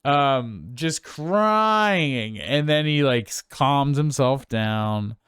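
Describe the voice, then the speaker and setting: Podcast guy rambling about movies, super smooth clear voice, dry close mic. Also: medium pitch, takes it slowly, no echo. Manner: rambling, enthusiastic, swearing casually. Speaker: podcast co-host. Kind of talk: casual film chat.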